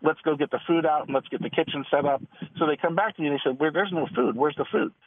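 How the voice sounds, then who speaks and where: A middle-aged man, a guest author, telling a lively story and acting out the dialogue in a radio interview. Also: fairly high pitch, fast talker. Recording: husky, dry, phone-line sound.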